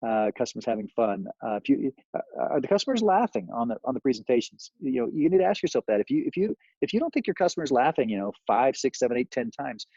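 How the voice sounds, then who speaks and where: Rambling male sales trainer, mellow voice. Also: medium pitch, sing-song, fast, husky, dry recording, muffled recording. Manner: rambling, with many fillers and acted sales lines.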